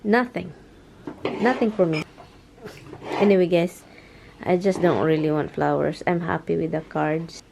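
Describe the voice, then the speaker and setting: A woman's voice: fairly low pitch, steady tone, a little slow, gravelly, long pauses, noisy background. Chatty Filipino-accented woman vlogger. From Philippines. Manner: chatty, laughs often, non-native grammar. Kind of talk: casual home vlog chat.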